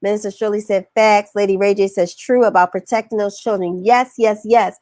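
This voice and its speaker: A woman business coach with a mid-range voice speaks a little fast in a clean recording with no echo. She's recovering from an illness and taking antibiotics, yet she's animated and preachy on her casual motivational live stream. She reads viewer comments aloud and calls everyone "y'all" in a colloquial way.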